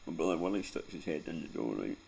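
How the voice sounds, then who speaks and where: A man's voice: a bass voice, sing-song, fast, creaky, a little mellow, slight background noise. A Scottish man in his forties telling a painful personal story in a rambling, sweary way, close to tears and often tagging on "right?". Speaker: vlogger.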